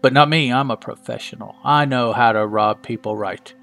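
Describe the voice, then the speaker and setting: A man voicing a lazy, boastful male dog bandit who brags to himself in a gravelly voice. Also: medium pitch, moderate pace, a bit bright, faint music behind. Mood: musing.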